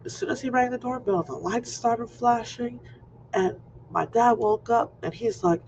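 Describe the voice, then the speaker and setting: Gravelly high-voiced man telling a story. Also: normal speed. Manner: animated, acts out scenes. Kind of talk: personal anecdote storytelling. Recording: muffled lo-fi recording with faint noise.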